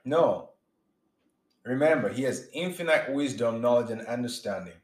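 A man delivers an informal sermon in an earnest, emphatic way, often restarting sentences and acting out his examples. His voice sits in a middle pitch. The recording carries a roomy echo. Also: expressive, normal speed. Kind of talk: informal preaching monologue.

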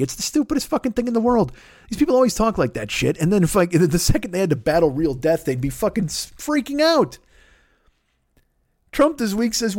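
Man, comedy podcast host, sarcastic profane rant, lively pitch, slightly high voice, dry sound. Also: fairly quick, no room sound. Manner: animated, sarcastic, heavy swearing; acts out quoted people in put-on voices.

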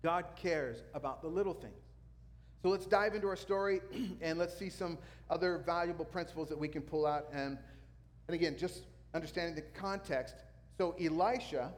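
A male pastor preaching a sermon, telling a story with lively sound effects. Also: on the high side, in a large hall.

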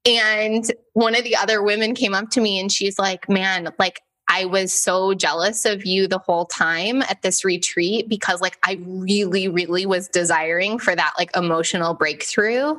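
A woman hosting a podcast with a bright, clear tone at an ordinary pitch. She talks in a loose, chatty way, leaning on "like" as she tells personal stories with animated energy. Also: normal speed, few pauses. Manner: chatty, heavy use of "like", animated storytelling. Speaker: podcast host. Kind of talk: casual chat.

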